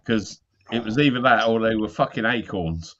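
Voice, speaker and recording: A man's voice: lowish voice, normal speed, a bit bright, lo-fi sound, slight background noise. A man hosting a casual chat, rambling and swearing heavily. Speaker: host.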